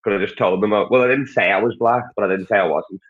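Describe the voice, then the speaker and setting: A man's voice: on the low side, fast talker, narrow, tinny audio. A man from Liverpool with a Scouse accent, a stand-up comedian chatting crudely and rambling as a podcast guest. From Liverpool, England. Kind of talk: casual podcast chat.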